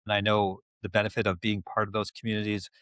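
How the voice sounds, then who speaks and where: A man's voice: lowish voice, monotone, quick pace, fairly bright tone, clean tone, no echo, clean studio sound. A man hosting a podcast, asking rambling questions and summing up the talk with frequent restarts. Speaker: podcast host. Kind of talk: casual podcast interview.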